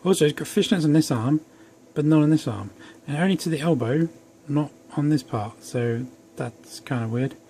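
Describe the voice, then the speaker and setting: A man's voice: a little high, moderate pace, dark tone. A young man casually reviewing an action figure at home, chatty and rambling with self-deprecating asides. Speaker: toy reviewer. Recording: faint background noise.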